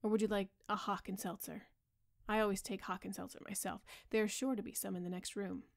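A woman voicing a petulant, languid young gentleman in a soft bedtime audiobook reading. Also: medium pitch, level tone, brisk, gravelly, natural voice. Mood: airy.

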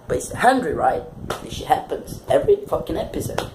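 Lively, foul-mouthed young reaction vlogger. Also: male voice, on the high side, brisk, creaky, slight background noise, poor audio. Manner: emotional, swears constantly, gushing exclamations. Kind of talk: live reaction to a TV episode. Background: music from the episode playing.

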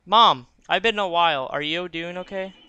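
Earnest, weary young man from a game, voiced plainly by a man, slightly high voice. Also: moderate pace, sharp tone, highs cut off, slight background noise. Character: young man visiting his sick mother. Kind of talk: reading game dialogue aloud.

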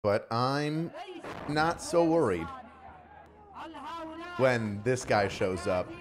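Animated, mocking male streamer. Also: medium pitch, drawn-out words, background noise. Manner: mocking, bursts into loud laughter, profane. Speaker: streamer reacting to news video. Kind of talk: casual live-stream commentary.

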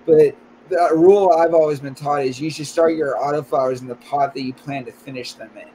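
A man's voice: a little high, fairly quick, dark tone, a little hiss or hum, poor audio. A man in a casual chat, talkative and self-deprecating, giving growing advice.

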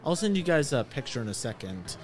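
A man's voice: medium pitch, sing-song, brisk. A man narrating as game master of a tabletop role-playing game, in a loose, joking way with filler words.

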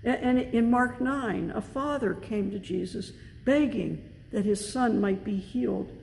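A woman pastor preaching a sermon in a church, measured and deliberate, leaning on key words for emphasis. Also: mid-range voice, creaky, darkish tone. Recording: long reverb with faint background noise.

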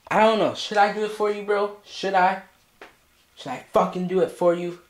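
A male vlogger in a comedic scolding skit, swearing heavily and repeating mock threats and taunts. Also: sits high.

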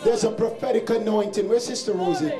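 A man preaching a sermon, his voice pitched high. He tells a family story to his church while an instrument plays along. The sound is echoey, as in a large sanctuary. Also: a little fast, music in the background. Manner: shouting exhortations, then telling a family story. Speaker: pastor.

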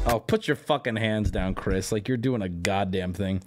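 A man hosting a live stream, reacting loudly to clips, swearing and laughing often as he talks to his chat. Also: lowish voice, normal speed, few pauses, music in the background. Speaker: streamer host.

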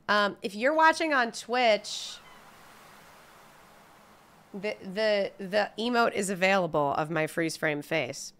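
A young woman chats through a gameplay livestream, bubbly and talkative with her viewers. Her voice is bright and lively. She sounds close to a desk mic at home. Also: medium pitch. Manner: chatty, bubbly, talks to viewers. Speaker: streamer.

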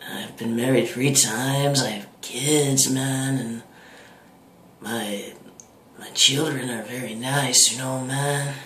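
A man's voice: medium pitch, steady tone, takes it slowly, a bit bright, slight background noise. A man doing an impression of a laid-back stoner man who drawls and tacks "man" onto almost every phrase, in an echoey room. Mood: mumbling.

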